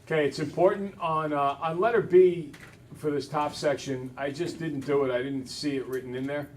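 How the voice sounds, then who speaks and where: A man teaching a math class, brisk and teasing, talking to students in a classroom. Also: on the high side, fairly even intonation, far from the mic, a little hiss or hum.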